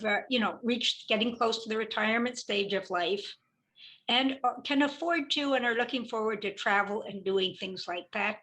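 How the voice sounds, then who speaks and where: An older woman, an economist answering interview questions in a measured, explanatory way. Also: medium pitch, fairly bright tone, rough recording. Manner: measured, explanatory, occasional restarts. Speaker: economist guest.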